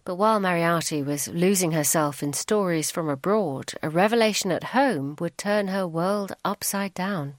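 Lady presenter telling a story calmly, dry studio mic. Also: lowish voice, moderate pace, hardly any pauses, dry recording. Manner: calm storytelling delivery. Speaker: radio presenter. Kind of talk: scripted radio narration.

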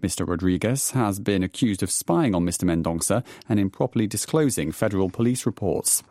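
Dark-voiced male newsreader. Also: fairly low pitch, lively intonation, no echo, studio quality. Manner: measured, formal delivery. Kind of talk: radio news reading.

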